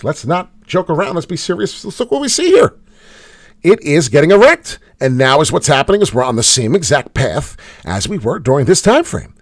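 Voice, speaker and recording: A man's voice: very animated, normal speed, no room sound. Guy streaming chart talk, blunt and sweary, voice jumps all over, dry close mic. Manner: blunt, swears, swings from loud hype to low mutters. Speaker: crypto chart host. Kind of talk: casual livestream chart commentary.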